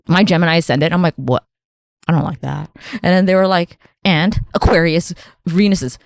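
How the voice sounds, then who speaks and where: A woman's voice: a little mellow, dry recording. Woman, solo podcast host, casual rambling monologue, lots of swearing, exaggerated quoted voices, dry close sound. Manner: profane, rambling, acts out voices with big pitch jumps.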